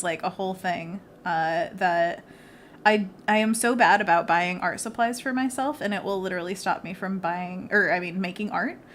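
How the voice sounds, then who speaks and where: A woman's voice: mid-range voice, a bit bright, a little hiss or hum. A woman illustrator hosting a live painting stream, chatty and bubbly, laughing often as she talks through her work. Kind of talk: casual live painting chat.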